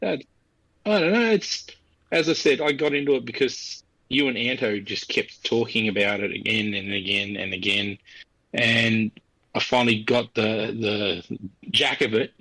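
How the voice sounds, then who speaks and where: A man's voice: fairly low pitch, moderate pace, sharp tone, husky, dry recording, poor audio. An Australian man co-hosting a casual podcast, speaking bluntly and swearing freely. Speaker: podcast co-host. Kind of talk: casual group chat.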